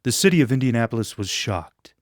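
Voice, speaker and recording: A man's voice: mid-range voice, sing-song, fairly quick, no echo, clean studio sound, close to an everyday voice. A man playing a polished male evening news anchor, with a formal broadcast delivery.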